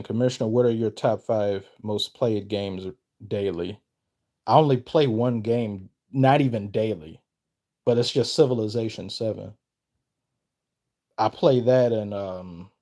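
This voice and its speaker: A man chatting on a live stream, reading viewers' messages aloud and answering them off the cuff. He rambles and trails off mid-thought, then starts his sentences over. His voice springs upward whenever he gets excited. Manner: lively, pitch jumps up when excited. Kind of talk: casual live-stream chat.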